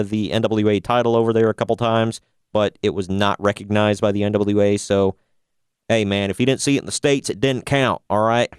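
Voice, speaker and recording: A male podcast host with a lowish, smooth and resonant voice, chatting casually through the news. He is wry and opinionated. The sound is close and dry, with no room echo. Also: darkish tone. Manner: wry, opinionated, laughs at own jokes.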